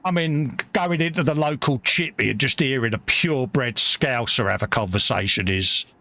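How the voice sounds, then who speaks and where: A man's voice: mid-range voice, normal speed, bright, forceful tone. A man with a Cockney accent hosting a casual live model-building stream, chatty and matey, reading out viewer comments. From England. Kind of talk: casual chat. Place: home hobby workbench.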